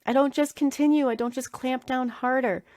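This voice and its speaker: A woman's voice: high-pitched, steady tone, normal speed, darkish tone, dry recording, clean studio sound. Earnest woman coaching dog groomers. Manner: earnest, coaching, repeats key words with emphasis. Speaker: podcast host and dog grooming educator. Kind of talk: solo teaching podcast.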